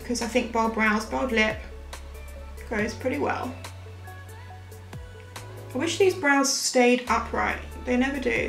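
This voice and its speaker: Here a young British woman who makes beauty videos rambles through a makeup tutorial, repeatedly losing her thread. She has a fairly high, gravelly voice. Faint music can be heard in the echoey room where she's recording.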